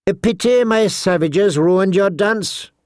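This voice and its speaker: A man's voice: high voice, slow, a little mellow, no room sound, studio quality, voice pushed up. A man voicing a bitter, sarcastic dwarf lord in an audiobook reading, with biting retorts. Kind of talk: audiobook character voice.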